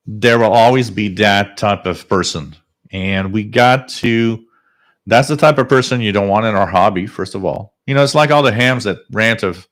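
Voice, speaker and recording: A man hosting a live radio-hobby stream, ranting emphatically and rising toward near shouting. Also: on the low side, measured pace. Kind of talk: live-stream talk and rant.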